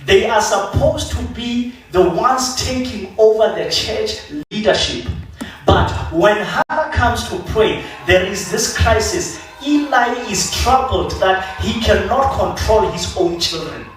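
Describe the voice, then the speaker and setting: A man preaching a sermon in a church, telling a Bible story with lively acted-out quotes. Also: sits high, slow pace. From South Africa. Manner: animated storytelling, acting out biblical figures. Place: church sanctuary. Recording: echoey church hall from far off.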